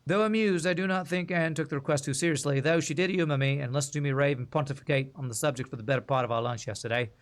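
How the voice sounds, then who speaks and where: A man's voice: on the high side, quick pace, few pauses, natural voice. A man putting on a wobbly British accent. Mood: recitative. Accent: put-on British, drifting between Cockney and Australian. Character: a man reading estate notes in a shaky British accent. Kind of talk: reading in-game text aloud in a put-on accent.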